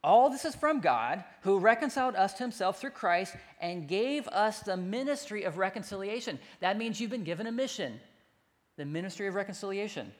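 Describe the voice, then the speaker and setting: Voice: mid-range voice, expressive, a little fast, long reverb tail. A pastor preaching a sermon in a conversational, self-deprecating storytelling manner.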